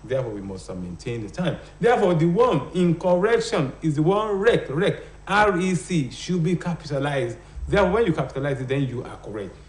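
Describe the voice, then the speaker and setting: A man's voice: on the high side, very animated, a little fast, few pauses, echoey room. A man teaching phonology on a live TV show, hesitating often and asking rhetorical questions. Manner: hesitant, many fillers, rhetorical "what?" questions. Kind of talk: live broadcast lesson. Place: TV studio.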